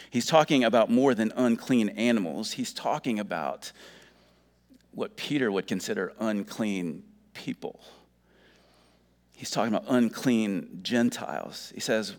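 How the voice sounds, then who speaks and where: Middle-aged pastor preaching in a reverberant hall. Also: male voice, medium pitch. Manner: conversational, joking asides, restarts words. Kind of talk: sermon.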